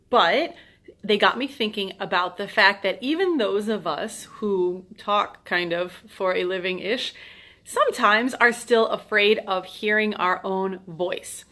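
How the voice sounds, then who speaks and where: A woman's voice: medium pitch, pushed and bright. Chatty self-deprecating woman podcaster. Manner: chatty and self-deprecating, acts out quoted inner voices. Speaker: podcast host. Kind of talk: casual solo podcast monologue.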